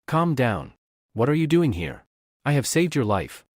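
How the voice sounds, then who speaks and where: A man's voice: medium pitch, very animated, a little slow, a little mellow, no echo, studio quality. A man voicing a bold young alchemist. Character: young male alchemist hero, bold and self-assured.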